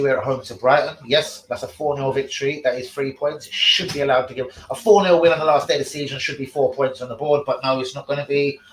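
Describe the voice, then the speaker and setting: A man hosting a casual live stream, sweary and excitable, talking to his chat about football. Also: medium pitch, reverberant, rough recording.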